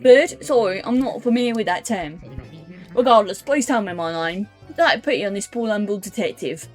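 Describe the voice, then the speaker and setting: A woman voicing a self-important, forgetful male detective with a put-on deep gruff voice, over faint music. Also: expressive, normal speed, natural voice. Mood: pompous.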